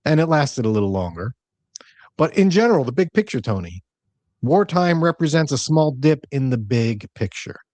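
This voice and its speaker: Male advisor-host, casual and talkative, mid-pitched, dry recording. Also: big pitch swings, a little mellow, dry recording. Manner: jokey, talkative, rapid asides. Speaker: podcast host, investment advisor. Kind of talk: casual podcast chat.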